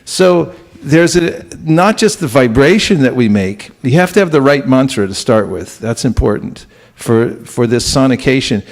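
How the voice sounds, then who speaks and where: A man giving a spiritual lecture to a live audience, talking conversationally and often putting questions to the listeners. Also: medium pitch. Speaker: spiritual teacher.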